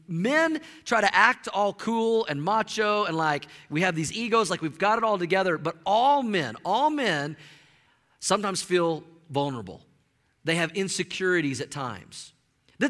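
A middle-aged man preaching a sermon in a church, joking with the congregation and acting out voices. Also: high-pitched. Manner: animated, jokey preaching with mock voices. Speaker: pastor. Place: church sanctuary. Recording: long hall reverb.

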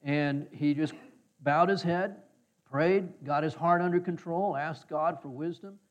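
In a fairly high voice, speaking a little slowly, a pastor shares a folksy personal story during his sermon. He acts out the voices of people he quotes, and the sound is slightly dull and muffled.

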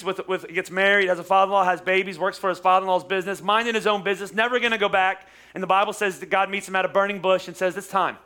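A man's voice: sits high, bright, forceful tone. A man, a pastor, preaching a sermon in a conversational storytelling way, with jokes and asides to the congregation.

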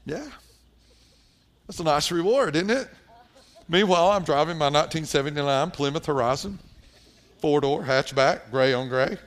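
A man's voice: a little high, moderate pace, pauses often. Man preaching a conversational story sermon. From South Carolina. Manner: conversational, wry asides, drops quiet for emphasis. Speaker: pastor.

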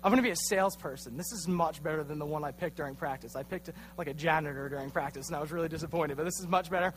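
A man's voice: fairly high pitch, rapid-fire, slight background noise. A young man in his twenties giving a casual, self-deprecating youth sermon in a church, telling a funny story and acting out the quotes. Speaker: youth pastor.

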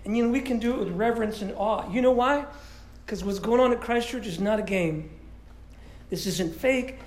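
A man preaching a sermon as pastor, stuffy-nosed and congested, in a lively, conversational way with many restarts. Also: high voice, normal speed, roomy sound. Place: church sanctuary.

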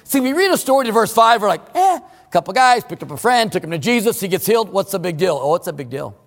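A male pastor preaching a sermon in a church, emphatic, swinging between loud exclamations and hushed asides. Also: high voice, very animated, fast talker, big-room sound. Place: church sanctuary.

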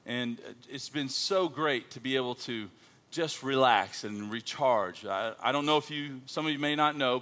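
A man's voice: mid-range voice, bright, forceful tone. A man preaching as a guest missionary in a church, playful and joking with the congregation. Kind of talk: sermon opening with jokes. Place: church sanctuary.

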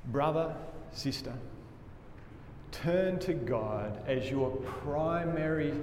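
A man preaching a sermon as a pastor, earnest and emphatic, often dropping his voice low for weight. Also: expressive, drawn-out words, darkish tone. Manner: earnest, emphatic preaching with dramatic drops in volume. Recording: echoey hall with faint room noise.

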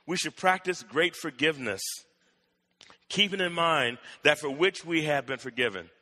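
A male preacher delivering a sermon with dramatic emphasis in a bright, forceful voice. His words carry a long echo in a large church hall. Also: a little high, moderate pace. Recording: echoey hall.

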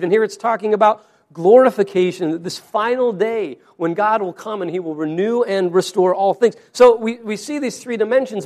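A man with a high voice preaches a sermon to his congregation. He speaks earnestly, often doubling and restarting his words as he works through his points. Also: moderate pace, few pauses, darkish tone. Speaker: pastor.

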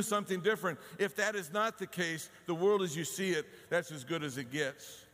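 A man's voice: on the high side, lively intonation, normal speed, few pauses, a bit bright, long reverb tail. A man, preaching a conversational sermon and acting out voices as he tells the story. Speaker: pastor.

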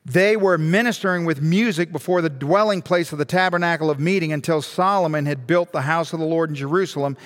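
Male pastor, high voice, animated sermon, rhetorical questions, long reverb of a big hall. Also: fairly quick, few pauses.

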